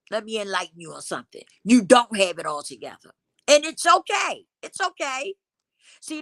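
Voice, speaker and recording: A woman hosts a livestream and talks straight to her viewers with emphatic, preaching conviction. Her tone is bright and forward, with a dry, close sound. She speaks in casual vernacular and sounds a little stuffy from a cold. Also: a little high, no echo. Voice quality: slightly congested from a cold. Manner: emphatic, preachy, addresses the audience as y'all; African American Vernacular English speech. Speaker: livestream host. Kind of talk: casual motivational talk to viewers.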